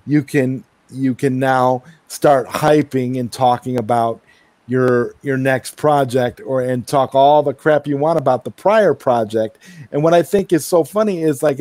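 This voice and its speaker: A man co-hosting a casual podcast, musing out loud. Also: mid-range voice, dry recording. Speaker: podcast co-host. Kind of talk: casual chat.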